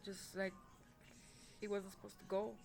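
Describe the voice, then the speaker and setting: A woman's voice: mid-range voice, little pitch movement, moderate pace, creaky, darkish tone. Woman w/ new rambling thru a story, lots of cussing and um's, faint music playing. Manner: rambling, profane, with many fillers and restarts. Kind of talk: casual personal story.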